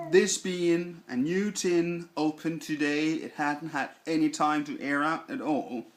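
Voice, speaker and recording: A man giving a casual product review in a slow, deliberate way, thinking aloud with fillers. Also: a little high, steady tone. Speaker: snuff reviewer.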